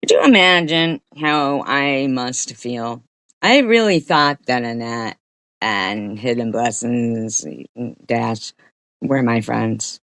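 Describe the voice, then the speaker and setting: Brief: woman streamer, slow-talking and indignant, swears freely, dry close sound. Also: rumbling low, animated, fairly bright tone, dry recording. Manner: indignant, profane, rambling. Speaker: livestreamer. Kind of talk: commentary livestream.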